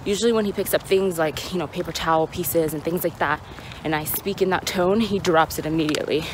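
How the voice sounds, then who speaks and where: A woman's voice: sits low, a little fast. Chatty woman vlogging outdoors, noisy. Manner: chatty, rambling with frequent fillers. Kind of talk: casual vlog chat. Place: outdoors in a parking lot, walking a dog.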